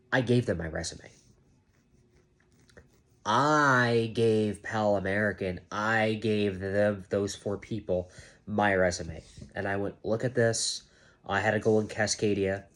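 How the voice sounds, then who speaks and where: Emphatic cursing man venting. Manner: emphatic, cursing, mocking others in a high voice. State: half awake. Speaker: security guard vlogger. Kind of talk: venting monologue to camera.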